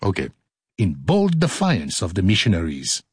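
A man's voice: mid-range voice, very animated, unhurried, husky, no room sound. An older man hosting a radio show, clowning through studio outtakes in a playful, joking way. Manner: playful, clowning, breaks into silly singing and laughs.

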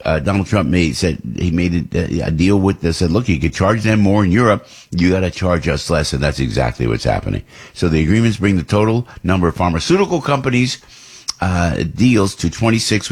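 A man's voice: deep voice, slightly rough. A talk radio host from New Jersey giving opinionated commentary, rambling and restarting his sentences often. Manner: rambling, with many restarts and repeats.

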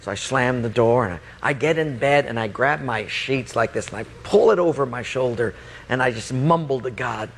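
A man preaching, telling a personal story in an animated way, laughing and jumping up in pitch. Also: normal speed, gravelly, slightly rough. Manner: animated, laughing, pitch jumps high in the funny parts. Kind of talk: storytelling sermon.

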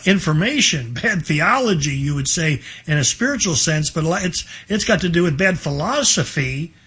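A man's voice: high voice, fairly bright tone, breathy edge. A man in his sixties hosting a call-in radio ministry, rambling through folksy stories with many restarts. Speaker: radio ministry host taking calls. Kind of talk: call-in radio sermon talk.

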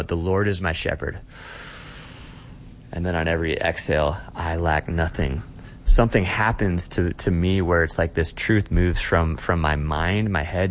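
A man with a very low, deep voice talks as a guest on an interview podcast. He is a pastor and speaks earnestly, often stumbling over and repeating words as he works out his thoughts. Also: slight background noise. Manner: earnest, restarts words while thinking.

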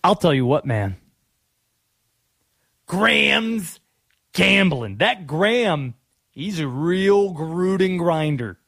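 Man putting on a hyped football coach voice, lively pitch, loud catchphrases. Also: takes it slowly, vocal fry, pauses often, no echo, clean studio sound, full character voice. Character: gravelly excited male football coach impression.

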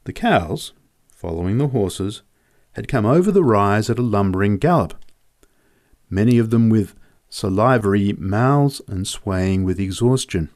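A man reading a humorous memoir story aloud in a vivid, measured way. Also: fairly low pitch, expressive, darkish tone.

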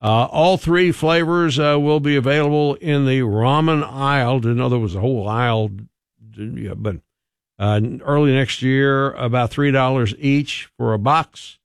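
A man's voice: medium pitch, measured pace, clear, resonant tone, dry recording, studio quality. A man co-hosting a radio show, chatting casually and reading a food news item with joking asides. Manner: easygoing, chatty, reads news items with asides. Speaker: radio co-host.

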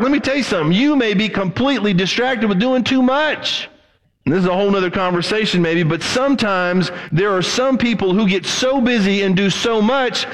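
A middle-aged man preaching a sermon as pastor, animated and acting out the voices he quotes. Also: high voice, long reverb tail, rough recording.

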